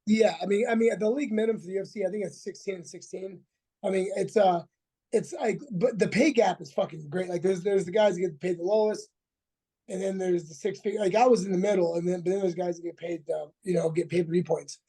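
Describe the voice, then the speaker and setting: A man's voice: high voice, steady tone, brisk, warm tone, slightly rough. A man in his forties, a former fighter, telling a rambling, profane story as a podcast guest, full of restarts and acted-out quotes. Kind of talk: casual storytelling interview.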